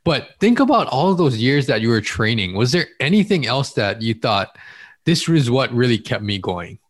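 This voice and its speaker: A man hosts a conversational interview. His pitch moves in a lively, animated way as he sums up his guest's points and offers support. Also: normal speed. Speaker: interview host.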